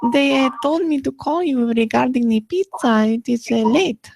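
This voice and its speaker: A woman makes a prank phone call, halting and hesitant as she talks. Her voice sits high and carries a gravelly fry. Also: a little mellow, dry recording. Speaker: prank caller.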